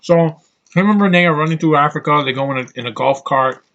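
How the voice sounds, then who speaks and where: A man's voice: a little high, fast talker, fairly bright tone, dull audio. A man giving a casual, rambling movie review, with lots of fillers and restarts.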